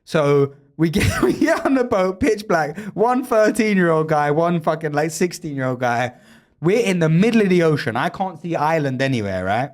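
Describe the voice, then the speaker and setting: Young male podcast host, animated storyteller, swears and laughs, voice swings up and down. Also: fairly high pitch, normal speed. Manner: animated, laughing, swearing a lot, rambling restarts. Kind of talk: casual storytelling chat.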